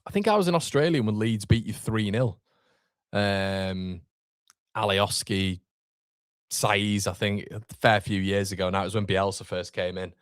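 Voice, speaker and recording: A young male streamer from Yorkshire, Northern England, offers casual match commentary and banter, reading out comments from his chat. His pitch is fairly low and his delivery a little slow, captured on a dry close mic with no room sound.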